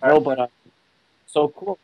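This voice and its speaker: A man's voice: a little high, measured pace, vocal fry, low-quality recording. A man chatting casually as a guest on a podcast, rambling through plans with jokes and frequent laughter. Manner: joking, rambling, laughs often. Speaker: podcast guest, event organizer.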